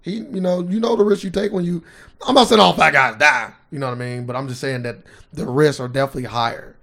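Gravelly-voiced man chatting casually. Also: fairly high pitch, quick pace. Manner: animated storytelling, acts out quotes loudly. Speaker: podcast host. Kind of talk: casual chat.

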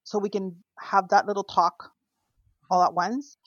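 A woman's voice: medium pitch, fairly even intonation, a little slow, a bit bright, no echo, dull audio. A woman talking through her work as a florist in a casual podcast chat, thoughtful and often trailing off mid-sentence. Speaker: florist guest.

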